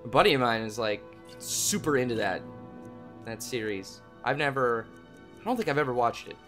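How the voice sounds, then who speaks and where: A young man hosting a game play video, talking to viewers in a goofy way and breaking into loud yelps and yells. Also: mid-range voice, lively intonation, moderate pace. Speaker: gaming channel host. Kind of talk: let's play commentary. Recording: game music playing softly behind.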